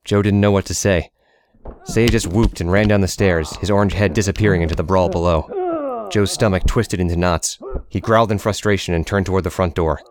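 A man narrating an audiobook in a steady, measured reading. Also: low-pitched.

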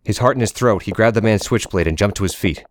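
A man narrating an audiobook in a steady, measured reading. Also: lowish voice, slight background noise.

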